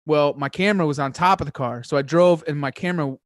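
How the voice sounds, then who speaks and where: A man telling a hunting story as a podcast guest, excitable and rambling, with lots of high energy. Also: fast, dry recording, studio quality. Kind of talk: casual chat, hunting story.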